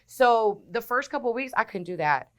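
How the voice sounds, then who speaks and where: A woman in her forties with a slightly high voice talks at normal speed. As a radio personality guesting on a casual interview, she tells her stories with gusto and voices the people she quotes.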